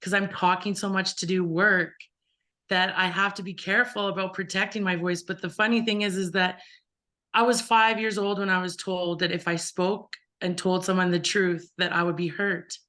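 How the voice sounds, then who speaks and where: A woman's voice: fairly low pitch, level tone, normal speed, sharp tone. A woman taking part in an online workshop, speaking earnestly while still recovering from losing her voice. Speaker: workshop participant. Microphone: video call.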